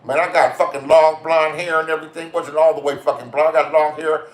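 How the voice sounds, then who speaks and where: A man's voice: on the high side, steady tone, fairly quick. Swearing man ranting in an echoey room. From California. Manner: crude, swearing, confrontational storytelling. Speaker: vlogger. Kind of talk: profane ranting monologue. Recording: roomy echo.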